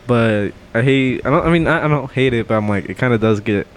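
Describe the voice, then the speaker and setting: Young male co-host, average pitch, casual storyteller. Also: brisk, slight background noise. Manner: storytelling, mimics others' lines. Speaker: podcast co-host. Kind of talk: casual podcast chat.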